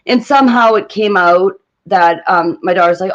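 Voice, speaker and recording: A woman's voice: lowish voice, brisk, hardly any pauses, lo-fi sound. A woman co-hosting a live stream, telling a story in casual chat, rambling and hesitant with many fillers. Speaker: livestream co-host.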